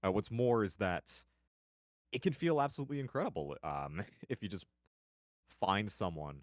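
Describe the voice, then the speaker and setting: A man's voice: on the low side, expressive, normal speed, no room sound, studio quality. A man on a video call sharing roleplay tips in a rambling, playful way. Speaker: panelist on a roleplay Q&A stream. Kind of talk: casual chat.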